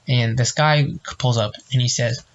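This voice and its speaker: A young man co-hosting a casual podcast and telling stories with animated quoted voices. The recording sounds dull and lo-fi, with a faint hiss underneath. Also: medium pitch, moderate pace. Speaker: podcast co-host. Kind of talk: casual chat.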